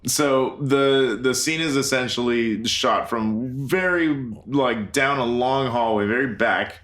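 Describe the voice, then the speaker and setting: A man's voice: medium pitch, takes it slowly. A man co-hosting a casual podcast, recapping a film scene in a loose, profane, rambling way with plenty of fillers. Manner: rambling, profane, laughs loudly and often. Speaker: podcast co-host.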